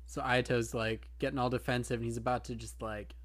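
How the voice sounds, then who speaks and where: A man co-hosting a casual show, recapping an anime episode in a relaxed, jokey way and reading from his notes. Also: mid-range voice, fairly quick. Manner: laid-back, reads from his notes, jokey. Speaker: podcast co-host.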